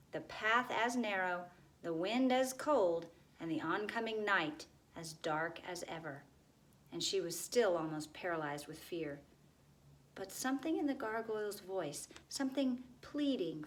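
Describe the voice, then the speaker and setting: A woman reading a children's chapter book aloud in a steady, expressive way. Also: mid-range voice, measured pace, poor audio. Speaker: narrator.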